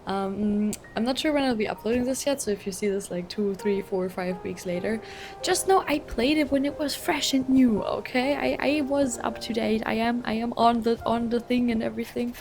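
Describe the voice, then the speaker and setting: A hoarse young woman chatting excitedly and rambling as she plays a video game. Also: a little high, moderate pace. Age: young adult. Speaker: gaming channel host. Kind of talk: let's play commentary. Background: game music.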